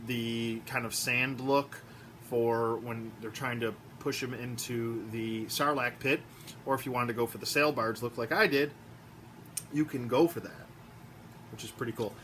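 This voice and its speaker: A man who collects toys, chatting in a rambling, excitable way with lots of fillers, recorded in a room at home. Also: medium pitch, slight background noise. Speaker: toy collector vlogger. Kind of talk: casual rambling review vlog.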